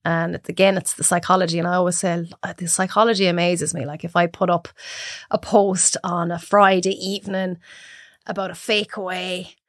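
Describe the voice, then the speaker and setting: An Irish woman cook talking as a podcast guest, a chatty, animated storyteller who laughs often. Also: on the low side, normal speed, no room sound, clean studio sound. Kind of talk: casual chat.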